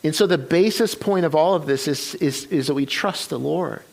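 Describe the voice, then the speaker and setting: A man's voice: on the high side, normal speed, creaky, darkish tone. A middle-aged man, a pastor, preaching in a conversational way, retelling a story with quoted dialogue and frequent restarts. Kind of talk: sermon storytelling. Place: church.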